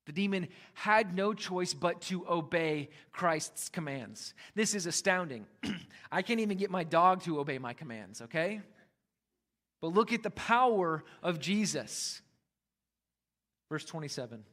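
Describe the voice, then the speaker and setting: A man with a fairly high voice preaches a sermon as the pastor. He talks in an easy, conversational way, leaning hard into key words and then dropping to a hush. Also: animated, a little slow. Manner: conversational preaching with emphatic rises and quiet drops.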